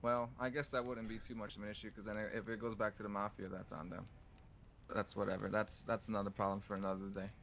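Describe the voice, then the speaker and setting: A man chatting in character during a game roleplay, halting and searching for words. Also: lowish voice, flat delivery, vocal fry, fairly bright tone. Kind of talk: casual in-character roleplay chat.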